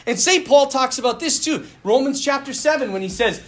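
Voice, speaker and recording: A young male priest preaching a sermon in an animated, self-deprecating way, often laughing at himself. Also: very high-pitched, a little fast.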